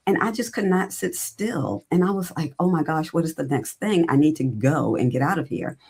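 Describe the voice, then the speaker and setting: A middle-aged woman with a lowish, breathy-edged voice talks fairly quickly with hardly any pauses. She's a recruiting entrepreneur appearing as a podcast guest, casually and animatedly telling her career story while acting out her own past conversations.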